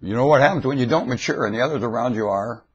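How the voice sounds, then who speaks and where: A man ranting into a webcam in a preachy, shouting way, his pitch swinging wildly. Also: quick pace, slightly rough, muffled recording. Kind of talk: webcam rant.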